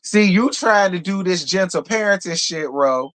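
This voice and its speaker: A man with a fairly high-pitched voice gives casual reality TV review commentary. He is blunt, profane and outspoken, and he talks like an animated gossip who never holds back his opinions. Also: normal speed, few pauses. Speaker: reality TV recap host.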